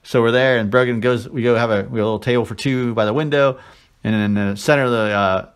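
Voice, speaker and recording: A man's voice: mid-range voice, fairly even intonation, fast talker, clear, resonant tone. A man in casual chat as podcast co-host, telling a story with crude jokes and put-on voices.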